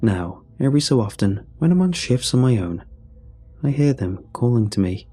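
A man narrating a scripted horror story in a measured, somber way. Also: mid-range voice, sing-song, dark tone, husky.

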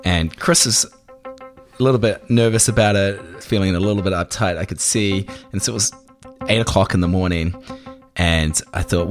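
Deep-voiced man telling stories. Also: normal speed, music in the background. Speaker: interview guest, co-founder. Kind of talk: relaxed storytelling.

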